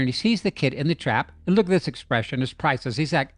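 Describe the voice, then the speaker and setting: A man's voice: mid-range voice, animated, quick pace, hardly any pauses, no room sound. A man hosting a comedic video breakdown, telling the scene as a playful, joking story. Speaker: YouTube host. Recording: dry voice-over with faint music.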